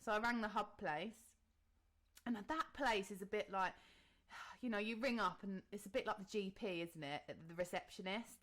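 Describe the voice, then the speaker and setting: A woman in her thirties from England, co-hosting a relaxed podcast, talking at an ordinary pitch. She tells a long personal story, playing out her own reactions along the way. She swears casually as she goes. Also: moderate pace. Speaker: podcast co-host. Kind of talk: casual chat.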